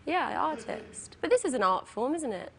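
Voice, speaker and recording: Giggly English actress on a talk show. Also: female voice, sits high, very animated, normal speed, vocal fry, very noisy. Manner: giggly, playful. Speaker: actress guest. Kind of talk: talk show guest chat. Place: television studio with audience.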